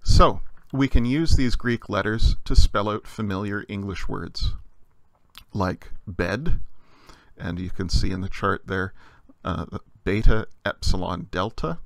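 A man gives a recorded lesson in a patient, explanatory way, often pausing on filler sounds. His voice sits low with a gravelly, creaky texture. The recording is dry and close, with no room sound. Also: no echo. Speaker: teacher. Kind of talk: recorded language lecture.

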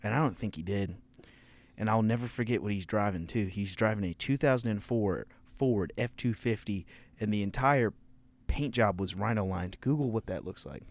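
A young male comedian and podcast host telling a story loudly, with profanity and laughter. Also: on the low side, moderate pace.

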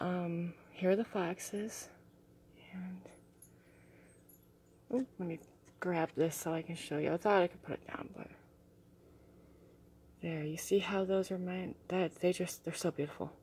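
A young woman vlogging casually as she shows her crystals and artwork, gushing and soft-spoken and often dropping to a hushed tone. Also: fairly low pitch, a little hiss or hum. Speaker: vlogger showing crystals and art. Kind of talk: casual show-and-tell vlog.

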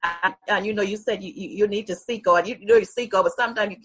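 A woman's voice: medium pitch, fast, a bit bright, breathy edge. A woman hosting an interview, asking long, searching questions. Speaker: host.

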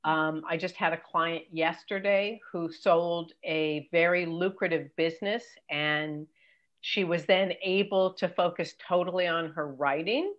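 Brisk, emphatic older woman on a video call. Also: steady tone, dull audio. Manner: brisk, emphatic, mimics pitch emails. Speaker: career coach and guest expert. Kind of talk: advice in an interview.

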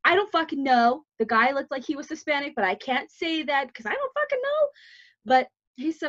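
A woman's voice: high voice, big pitch swings, normal speed, fairly bright tone. A young woman from the United States, a podcast host telling stories in casual chat, blunt and full of swearing. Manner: blunt, profane storytelling. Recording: dull lo-fi sound.

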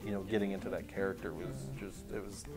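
A man with a fairly low voice talks as a festival director guest in a relaxed film review podcast. He circles his points with halting restarts and small fillers, and soft music plays faintly under the talk. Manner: rambling, halting, full of restarts.

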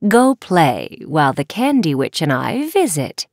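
A woman's voice: sits low, sing-song, measured pace, darkish tone, dry recording, clean studio sound, exaggerated voice. A woman voicing a gracious, commanding villainous fairy mother in a storybook. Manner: smooth, polite, commanding.

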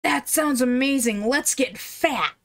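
A woman voicing an excited, greedy husky dog in a told story, pitching her voice up. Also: measured pace, exaggerated voice. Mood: gleeful. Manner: eager, gleeful.

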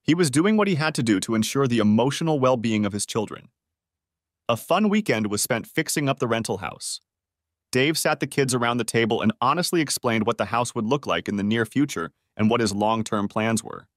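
Brief: male audiobook narrator, mid pitch, steady matter-of-fact read, dry close sound. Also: brisk, no echo. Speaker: story narrator.

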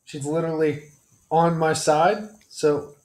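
A young man vlogging in a goofy comic way, often yelling and joking loudly. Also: fairly high pitch, level tone, slow. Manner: loud, yelling, jokey, swearing. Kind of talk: goofy comedy vlog.

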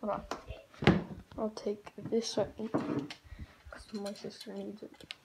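A woman's voice: mid-range voice, level tone, slow pace, vocal fry. A woman chatting casually to her viewers in a vlog, rambling and saying "like" a lot. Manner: rambling, says "like" often. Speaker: vlogger. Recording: loud background noise.

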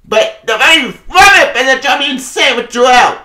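Male comic reviewer, high animated voice, loud excitable delivery full of curses, roomy echo. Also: normal speed. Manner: excitable, swears a lot, laughs often. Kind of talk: casual spoken review.

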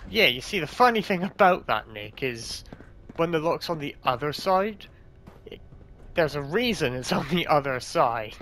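A man's voice: a little high, very animated, moderate pace, fairly bright tone. A man hosting a gaming channel, swearing a lot and ranting angrily as he plays. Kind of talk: gameplay commentary.

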